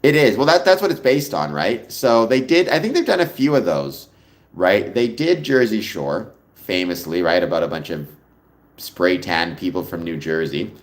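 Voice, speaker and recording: A man's voice: low-pitched, sing-song, normal speed. A man hosting a livestream, chatting casually and answering viewer comments in a rambling way that drifts into personal stories. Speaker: livestream host.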